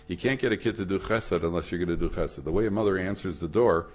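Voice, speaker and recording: A man with a very low voice lectures as a rabbi, telling stories in a chatty way. He jumps higher in pitch to act out the people he quotes. His speech is sprinkled with Hebrew and Yiddish words. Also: fast. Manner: storytelling, acts out quoted voices with big pitch swings; conversational, uses Yiddish and Hebrew terms. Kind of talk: lecture to an audience. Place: hall at a memorial event.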